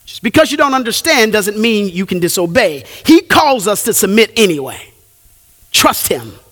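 A man preaching a sermon in a high, lively voice that swoops up and down. He stretches out his key phrases for emphasis, and his voice rings with the long reverb of a large hall. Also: moderate pace. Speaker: pastor.

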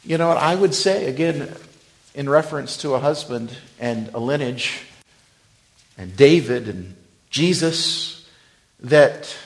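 A male pastor delivering a sermon in a dramatic style. His voice rises to loud emphasis, then drops to hushed, near-whispered lines, and he draws out scripture slowly for weight. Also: mid-range voice, gravelly.

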